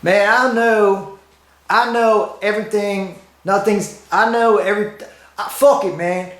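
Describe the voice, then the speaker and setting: A man's voice: high-pitched, steady tone, a little slow, a bit bright, voice pushed up. A man voicing a laid-back, careless guy who drawls and swears while shrugging off the pandemic. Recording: roomy echo.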